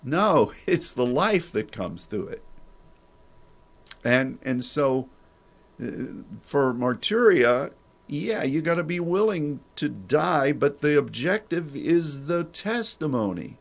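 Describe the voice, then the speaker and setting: A man's voice: on the high side, lively intonation, slow pace, vocal fry. A man preaching a sermon, pressing listeners with repeated rhetorical questions and restarting his words.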